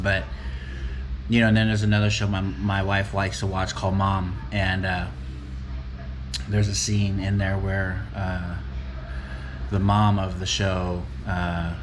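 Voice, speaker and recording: A deep-voiced man muses in a loose, rambling way, often checking in with a quick "right?". There is steady noise in the recording behind him. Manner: rambling, keeps asking "right?". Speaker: motivational fitness vlogger. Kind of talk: casual reflective talk.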